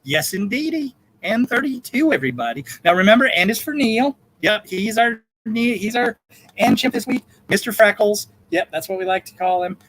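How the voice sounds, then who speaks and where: A man hosting a live charity bingo game, calling numbers in a drawn-out way and joking in between. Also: sits high, expressive, fairly bright tone, no room sound, low-quality recording. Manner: campy, jokey, drawn-out number calls. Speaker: bingo caller and host.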